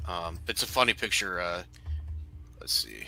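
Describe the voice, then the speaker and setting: Bright-voiced man in loose tipsy chat. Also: low voice, very animated, unhurried, vocal fry, slight background noise, low-quality recording. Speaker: co-host. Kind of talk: casual chat.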